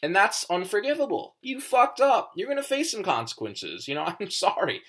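Forceful, profane comedian ranting. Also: medium pitch, very animated, moderate pace. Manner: profane, emphatic, rambling with restarts. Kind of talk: casual monologue rant.

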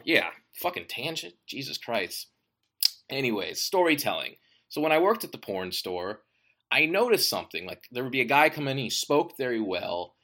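A man's voice: medium pitch, bright, forceful tone. A man, an author, talking about his writing in a casual monologue, swearing often and rambling enthusiastically. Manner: profane and rambling.

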